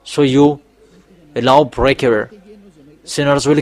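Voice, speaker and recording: A man delivers a sermon in a somewhat high voice. He is emphatic and repeatedly pushes up into loud, insistent exhortations. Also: measured pace. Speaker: preacher.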